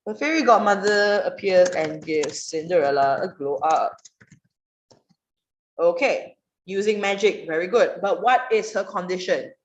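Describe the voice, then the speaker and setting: A woman teaching an online writing class, questioning students and praising their answers in a lively way. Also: fairly low pitch, measured pace. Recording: roomy, dull online class audio.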